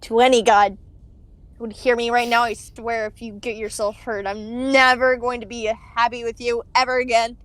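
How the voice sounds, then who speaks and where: A woman plays her character in a tabletop game, urgent and pleading with a companion. Her voice sits somewhat high. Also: flat delivery, normal speed, a bit bright. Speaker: player. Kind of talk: tabletop game role-play.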